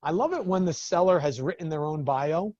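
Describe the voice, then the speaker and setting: Male business coach, higher voice, lively storyteller who acts out exchanges, close and dry sound. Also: fairly quick, dry recording, dull audio. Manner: animated storytelling, acts out the other people in his stories. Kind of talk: talking to a group of business owners.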